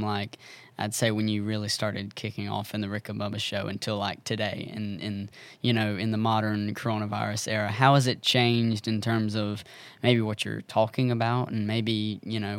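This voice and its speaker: A man hosting a podcast, asking questions in a halting way and repeating words. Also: on the low side, dry recording. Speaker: podcast host. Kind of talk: interview questions.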